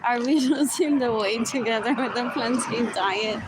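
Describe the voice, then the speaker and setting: Rambling woman over loud traffic noise. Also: on the high side, moderate pace. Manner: rambling, repeats "what else?" often, laughs between phrases. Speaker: livestream host. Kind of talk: rambling live-stream monologue.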